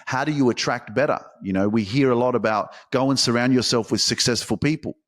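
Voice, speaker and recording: A man's voice: mid-range voice, a little fast, fairly bright tone. A man hosting a podcast, talking in an intense, emphatic motivational monologue full of swearing. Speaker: podcast host.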